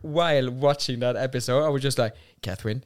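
A man co-hosting a podcast in English, which is not his first language (Norwegian), laughing a lot and talking in an animated, casual way. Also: medium pitch, fairly quick, clear, resonant tone. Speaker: podcast co-host.

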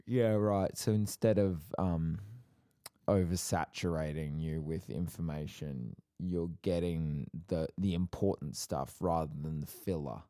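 A man's voice: deep voice, unhurried, dark tone, no room sound. A young man co-hosting a podcast, chatting casually with dry, teasing banter. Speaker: podcast co-host. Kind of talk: casual chat.

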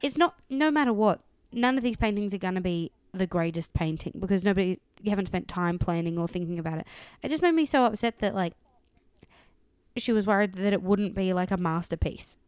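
Woman, podcast co-host, rambling, earnest, smooth voice, dry sound. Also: mid-range voice, expressive, a little fast, a little mellow, dry recording. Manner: rambling, earnest, many fillers. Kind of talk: casual recap chat.

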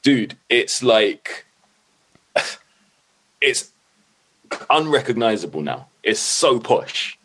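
A middle-aged man, telling stories as a guest in a loose, animated way, swearing freely and leaning on "like" and "you know what I mean". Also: medium pitch, very slow, pauses often, slight background noise. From London. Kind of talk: casual storytelling.

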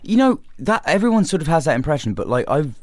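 A man's voice: fairly high pitch, big pitch swings, quick pace, darkish tone, dry recording, clean studio sound. A young man with an English accent, chatting as a guest in a loose, rambling way with many restarts. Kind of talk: casual interview chat. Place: studio.

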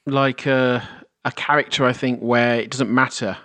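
Male podcast co-host, chatty explainer, middle pitch. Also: little pitch movement, normal speed, bright, forceful tone. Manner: explains plot at length, hedging. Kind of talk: casual film discussion.

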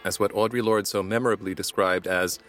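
A man with a lowish voice reads his own nonfiction text in a steady, reflective tone. Soft music plays faintly underneath. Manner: measured, reflective delivery. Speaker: academic author narrating his book. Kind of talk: scripted nonfiction narration.

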